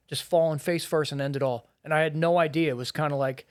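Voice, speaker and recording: A middle-aged firefighter and police officer telling a painful rescue story in a podcast interview, blunt and full of swearing. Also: male voice, fairly high pitch, steady tone, fast talker, few pauses, clean tone. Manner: blunt and profane, heavy swearing and filler words.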